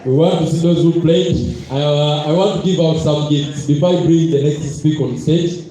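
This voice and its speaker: A man with a Zambian accent hosting a motivational event on stage, energetic and playful as he calls on the audience to respond. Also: fairly high pitch, moderate pace. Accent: Zambian English. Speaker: event host. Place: large hall with a live crowd. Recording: echoey hall with crowd.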